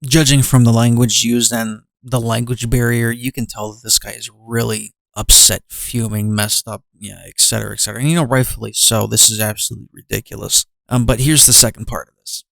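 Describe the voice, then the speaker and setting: A man with a gravelly, creaky voice reads a first-person story aloud at a middling pitch. He stops now and then for exasperated asides of his own. The recording is dry and close, with no room sound. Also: flat delivery, fairly quick, few pauses, a bit bright, no room sound. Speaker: host reading and commenting on online stories. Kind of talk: story reading with commentary.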